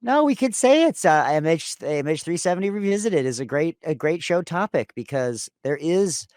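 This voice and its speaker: A man's voice: fairly high pitch, expressive, normal speed, darkish tone, no room sound, studio quality. A man co-hosting a casual podcast, talking in long rambling sentences with frequent restarts. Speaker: podcast co-host.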